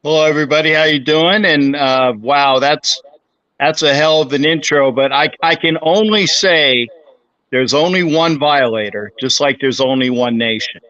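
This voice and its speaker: A man in his sixties, a guest in a casual interview, chats humbly and self-deprecatingly into his phone. His voice is fairly high and a bit bright at a normal speed, and the phone audio sounds muffled.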